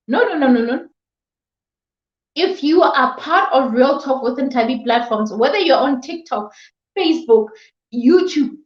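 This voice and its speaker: A woman with a high voice speaks slowly and with emphasis in a motivational talk, often repeating herself and scolding her listeners. The sound is dull and lo-fi, and it rings around an echoey room. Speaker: motivational vlogger.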